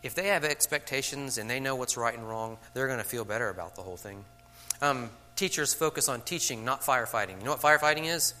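Man, teacher trainer, bright forceful voice, chatty lecture, frequent okay check-ins, acts out classroom scenes. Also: mid-range voice, fast talker, a little hiss or hum.

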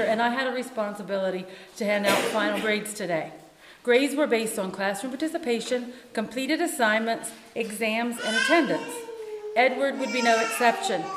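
A woman who teaches music, reading her own first-person story in a measured, earnest way. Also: on the high side, noisy background. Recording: echoey room with long reverb.

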